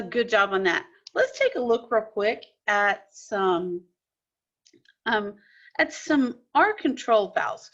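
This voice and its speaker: A woman's voice: mid-range voice, pushed and bright, muffled recording. A woman teaching young children, explaining patiently step by step in a recorded lesson.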